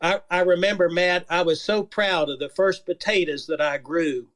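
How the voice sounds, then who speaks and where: Male beekeeper guest, calm and measured, slightly high voice. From Georgia, USA. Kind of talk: casual radio interview.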